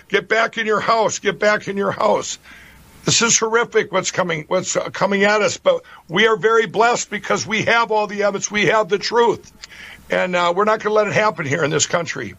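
A man with a high voice rants in a heated, emphatic way, hammering his points with repetition. The recording is dull and lo-fi. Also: a little fast, fairly bright tone. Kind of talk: political rant. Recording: dull lo-fi clip.

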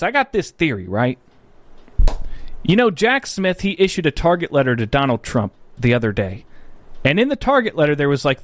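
A man's voice: fairly high pitch, fairly bright tone, no echo. A man hosting a political commentary livestream. He talks bluntly and profanely, rambles, corrects himself often and answers viewer chat.

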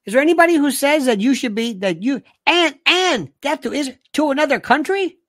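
Ranting animatedly on a casual livestream, a woman reads viewer comments aloud. Her voice sits high, expressive and fairly quick.

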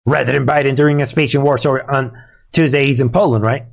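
A man of middling pitch hosts a live commentary stream in a sarcastic, emphatic rant. He leans on words for effect and talks straight to his listeners. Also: steady tone, fast, creaky. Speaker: host of a live commentary show.

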